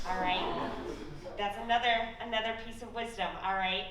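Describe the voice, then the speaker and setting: A young woman doing stand-up in a deadpan, self-mocking way, swearing freely. She is heard from a distance in a very echoey room. Clear crowd noise sits behind her. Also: medium pitch, normal speed. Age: young adult. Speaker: stand-up comedian. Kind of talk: stand-up set. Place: stage at a college comedy showcase.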